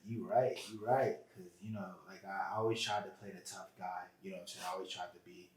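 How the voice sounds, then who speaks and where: A man's voice: low voice, fairly even intonation, quick pace. A man as a guest on a podcast, talking earnestly and from the heart in a casual interview chat. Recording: roomy, echoey room.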